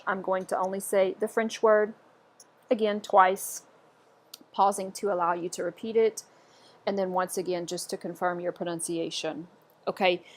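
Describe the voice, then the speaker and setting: A woman teaching French pronunciation in a patient lesson, saying each word slowly and repeating it for learners. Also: mid-range voice. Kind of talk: instructional lesson. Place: indoors, camera off.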